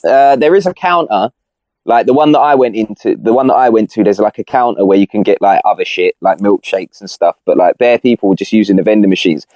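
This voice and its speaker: A man's voice: on the low side, fairly quick, darkish tone, no room sound. A young man on a podcast, chatting casually in rambling slang with lots of restarts. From Britain. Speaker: podcast co-host. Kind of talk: casual chat.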